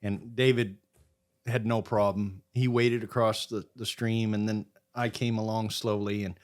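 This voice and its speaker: A middle-aged man from Maine, a podcast guest telling a casual hunting story in an animated way and acting out what people said. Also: lowish voice, measured pace. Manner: animated storyteller who acts out quotes.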